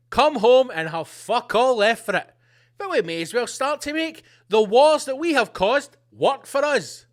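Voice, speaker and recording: A man's voice: very high-pitched, a bit bright. A man hosting his own podcast, ranting angrily and sarcastically with lots of swearing. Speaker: podcast host.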